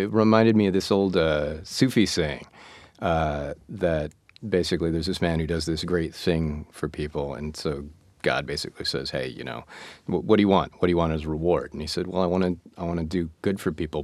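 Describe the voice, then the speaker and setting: A man with a very low, deep voice tells an earnest, reflective story as a show guest, often restarting his sentences. The sound is dry and close, with no room around it. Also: a little fast, no room sound. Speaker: podcast guest. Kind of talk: casual storytelling.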